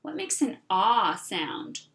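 A middle-aged woman teacher leading an online writing lesson for young children, sounding out words slowly and clearly. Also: mid-range voice, big pitch swings, a bit bright.

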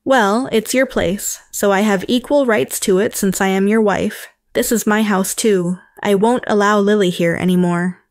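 A woman voicing a yelling, defensive stepmother in a narrated story. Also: medium pitch, steady tone, normal speed, few pauses, no echo, studio quality, natural voice. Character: shrill angry middle-aged stepmother.

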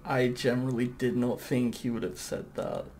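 Young male gaming YouTuber, gravelly voice, excitable and foul-mouthed. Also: mid-range voice, moderate pace, a little hiss or hum. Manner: excitable, swears often, talks to the game. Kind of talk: casual gameplay commentary.

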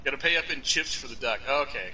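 Co-hosting a live stream from his home basement, a man chats casually, laughs a lot and reads out chat messages. His voice is medium-pitched, quick, bright and forceful. The recording is low quality with slight background noise.

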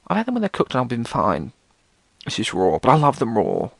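A man's voice: fairly low pitch, huge pitch swings, fast, vocal fry, a bit bright, no room sound. A British man hosting a solo podcast, rambling casually and theatrically, swearing often. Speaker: podcast host.

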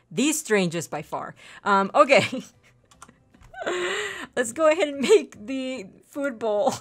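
A woman's voice: fairly high pitch, fairly bright tone. A woman giving let's play commentary, chatty and cooing to her in-game puppy. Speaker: gaming video creator.

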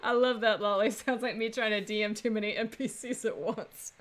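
A woman's voice: a little high, fairly even intonation, a little fast. A woman streaming a story game, chatting casually with playful, laughing asides.

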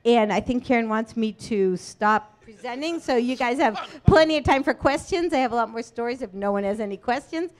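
A woman lawyer giving a talk at a meetup, speaking earnestly and conversationally, with quick asides to the audience. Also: on the high side, animated. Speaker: disability rights lawyer and speaker. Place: meetup room before an audience.

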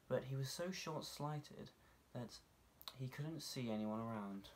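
A young man, a drama student, reading a children's story aloud in an expressive storytelling manner and relishing the sound-effect words. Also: mid-range voice, normal speed, hardly any pauses. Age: young adult.

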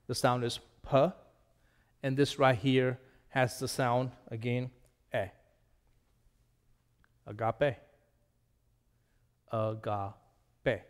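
Middle aged guy teaching a class, slow and patient, repeats stuff, middle pitch, big room with a long echo. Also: darkish tone, clean tone. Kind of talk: classroom lesson at a whiteboard.

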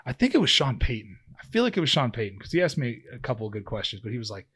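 A man's voice: mid-range voice, big pitch swings, rapid-fire, hardly any pauses, a bit bright, husky. Rambling thirty-something man telling stories. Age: 30s. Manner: rambling, filler-heavy, with many restarts and "like". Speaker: podcast guest, former pro football player. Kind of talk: casual storytelling in an interview.

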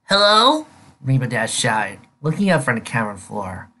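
A man reading his own fan fiction story aloud as narrator, in an expressive, animated way. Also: fairly low pitch, moderate pace, breathy edge. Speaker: fan fiction author and reader.

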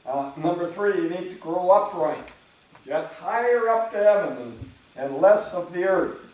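A male pastor delivers a sermon in a relaxed, conversational way, often clearing his throat and slipping into the voices of imagined churchgoers. His voice sits a little high for a man. He is heard from a distance in a heavily reverberant church room. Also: measured pace. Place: church sanctuary. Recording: very echoey church room, speaker away from the mic.

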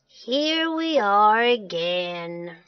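A woman voicing a bored, lonely young shepherd boy who turns shrill and cheeky when he cries for help. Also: sing-song, very slow, smooth, no room sound. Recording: dull lo-fi dry recording.

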